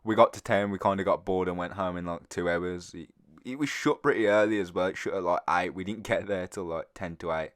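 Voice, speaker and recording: A teenage man, hosting a storytime video in a rambling, animated, casual way. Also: low-pitched, a little fast, dry recording, studio quality. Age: teens. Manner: rambling, animated, with frequent fillers. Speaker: storytime channel host.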